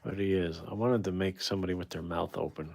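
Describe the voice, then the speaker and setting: Low gravelly man musing while painting. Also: steady tone, quick pace, a little mellow, slight background noise. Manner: musing, self-critical, talks to viewers. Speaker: painter hosting a livestream. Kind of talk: casual livestream chat while painting.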